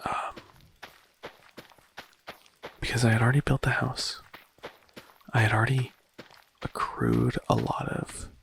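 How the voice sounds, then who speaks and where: A man musing quietly in a casual, rambling way while playing a game, with a lot of vocal fry when he speaks softly. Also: medium pitch, a little hiss or hum. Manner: soft-spoken, rambling and reflective. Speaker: gaming vlogger.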